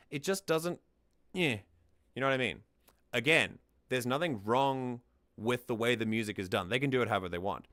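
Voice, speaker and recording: A man's voice: medium pitch, moderate pace, fairly bright tone, no echo. Male host, casual music analysis, mid-range voice, dry sound, thoughtful and explanatory. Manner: thoughtful, explanatory, often restarts mid-sentence; sings lines back to demonstrate.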